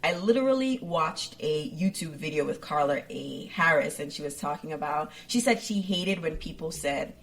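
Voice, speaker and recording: A woman from Jamaica hosts a relaxed podcast conversation. Her voice sits a little low, and she talks like a lively storyteller who acts out other people's lines. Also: moderate pace, vocal fry, few pauses. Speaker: podcast host. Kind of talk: casual conversation.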